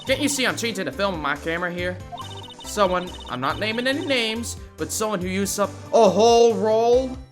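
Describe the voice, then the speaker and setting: Brash Southern gal, played by a woman streamer, loud folksy drawl, sassy, high-pitched, game music underneath. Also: animated, fairly quick, lightly acted. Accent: American Southern drawl, put on.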